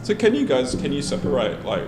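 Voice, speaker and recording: A man with an Australian accent in a casual pub-style political discussion, joking around and asking questions in a slow, halting way. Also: medium pitch, huge pitch swings, reverberant, background noise. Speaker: panel member.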